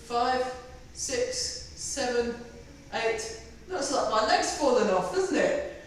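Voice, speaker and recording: A woman's voice: fairly high pitch, lively intonation, takes it slowly, slight background noise. A woman leading a tai chi fitness class, counting reps with chatty, self-mocking asides and giggles. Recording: echoey room, voice from far off the mic.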